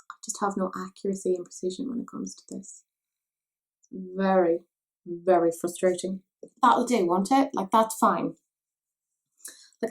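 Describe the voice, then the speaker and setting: A woman's voice: mid-range voice, a little mellow. A young Irish woman chatting casually while doing her makeup, rambling and poking fun at herself. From Ireland. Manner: chatty, self-mocking, rambling asides. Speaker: makeup vlogger.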